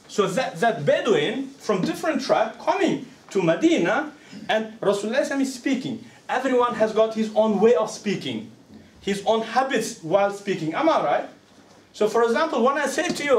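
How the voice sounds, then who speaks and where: Animated high-voiced scholar lecturing. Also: male voice, moderate pace, distant mic, a little hiss or hum. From Uzbekistan. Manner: conversational, asks the audience rhetorical questions. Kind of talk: religious lecture to an audience. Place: lecture hall. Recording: echoey room, speaker away from the mic.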